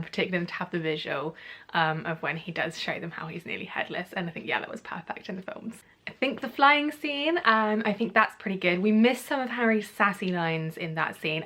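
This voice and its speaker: This is a woman vlogging in a relaxed, chatty way. Her voice sits at an ordinary middle pitch. She rambles along with upbeat enthusiasm as she reviews for her audience. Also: brisk. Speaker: YouTuber comparing books and films. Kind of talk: casual chatty vlog review.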